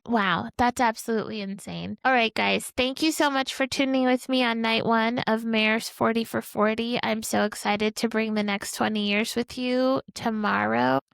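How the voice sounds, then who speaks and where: Excitable lady host chatting thru matches, lots of fry in her voice. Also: on the high side, no room sound. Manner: excitable, exclaiming. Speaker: podcast host. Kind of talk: casual commentary while watching matches.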